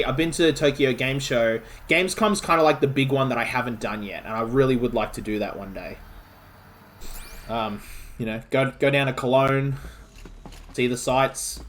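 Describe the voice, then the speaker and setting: A man's voice: medium pitch, a bit bright, slight background noise. A man with an Australian accent streaming a video game, chatting casually and rambling with lots of filler words and restarts. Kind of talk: casual chat while playing a game.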